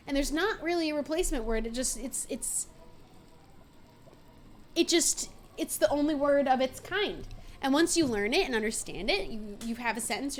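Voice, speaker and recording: A woman's voice: sits high, slight background noise. An American woman streaming a game, chatting casually with viewers in a playful way and laughing often. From United States. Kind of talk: casual gaming stream chat.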